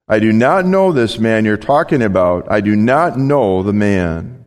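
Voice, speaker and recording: A man's voice: fairly low pitch, animated, a little slow, a little mellow, in a large hall. A man voicing a frightened disciple who keeps insisting on his denials. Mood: insistent.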